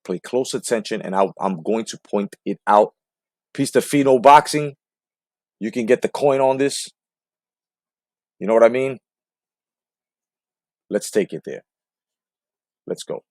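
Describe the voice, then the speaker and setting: A man hosting a boxing talk show, breaking down a clip with profane, animated commentary and rhetorical questions. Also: medium pitch, measured pace, pauses often, no echo, clean studio sound.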